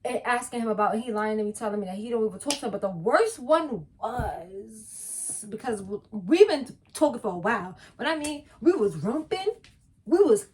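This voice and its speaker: A young woman tells a personal story in a casual, blunt, profane and animated way. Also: on the high side, normal speed, a little hiss or hum. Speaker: vlogger.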